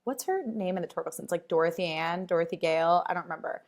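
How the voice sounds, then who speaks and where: A woman's voice: fairly low pitch, fast. Chatty woman hosting a podcast. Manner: animated storytelling, acts out quoted voices; chatty, filler-heavy, swears freely. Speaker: podcast host. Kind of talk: casual chat.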